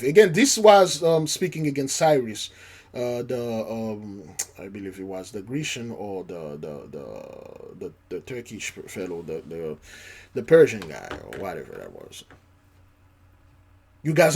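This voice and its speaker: A man's voice: lowish voice, very animated, unhurried, a little mellow, husky. A man preaching passionately, reading scripture aloud with frequent restarts. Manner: impassioned, reads scripture in archaic phrasing, frequent restarts.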